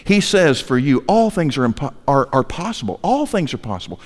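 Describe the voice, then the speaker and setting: A man's voice: medium pitch, very animated, a little fast, hardly any pauses, in a large hall. An older male pastor preaching a sermon, telling a story with humor and asking the congregation questions. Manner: storytelling with self-deprecating humor and rhetorical questions. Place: large church hall.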